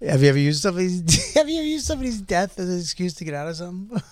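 A man with a somewhat high voice co-hosts a comedy podcast in a teasing, chuckling way. He often slips into acted-out phone calls as he talks. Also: very animated, racing, no echo. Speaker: podcast co-host. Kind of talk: casual comedic banter.

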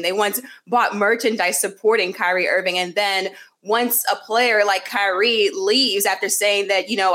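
A woman's voice: medium pitch, fairly bright tone. Emphatic woman sports reporter. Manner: fluent and emphatic, with repeated fillers. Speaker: sports reporter covering a basketball team. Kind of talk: casual sports analysis.

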